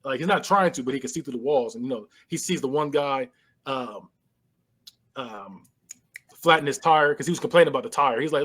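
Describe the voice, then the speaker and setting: A man co-hosting a podcast, casually retelling a movie scene by scene and acting out the characters' lines with lively voice changes. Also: medium pitch, brisk, slightly rough. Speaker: podcast co-host. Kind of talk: casual movie recap chat.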